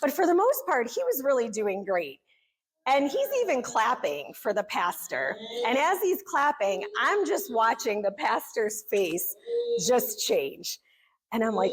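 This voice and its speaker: A middle-aged American woman speaking to a church gathering, telling a personal story in an earnest, animated way. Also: fairly high pitch, normal speed, slightly rough. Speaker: conference speaker. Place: church hall.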